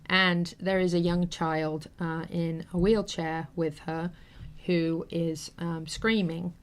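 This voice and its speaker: A woman's voice: lowish voice, little pitch movement, slow pace. A middle-aged woman hosting a talk show, telling an emotional story in an earnest, casual way with many fillers.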